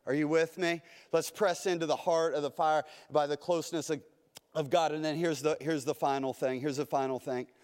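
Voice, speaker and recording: A male pastor preaches with a high voice, earnest and emphatic, circling back over his own phrases. The sound carries the long reverb of a large church hall. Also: steady tone, a little fast, darkish tone, clear, resonant tone. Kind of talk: sermon. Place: church sanctuary.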